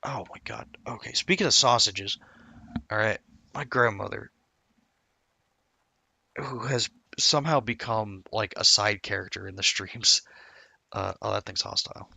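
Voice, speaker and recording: A man's voice: fairly low pitch, measured pace, creaky, pauses often, bright, forceful tone, breathy edge, dry recording. A man streaming a game, chatting casually and rambling through stories with many self-interruptions. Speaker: gameplay streamer. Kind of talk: casual gameplay commentary.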